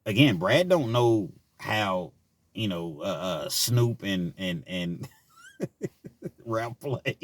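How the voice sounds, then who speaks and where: A middle-aged man casually telling a personal story, laughing often and swinging between loud bursts and quiet asides. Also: lowish voice, animated, drawn-out words, no echo. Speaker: storyteller vlogger.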